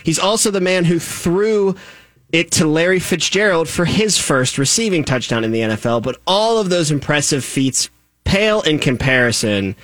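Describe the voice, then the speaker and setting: A man's voice: on the high side, a bit bright, dry recording. A male podcast co-host delivering wry jokes and a short news bit. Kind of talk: casual banter and news segment.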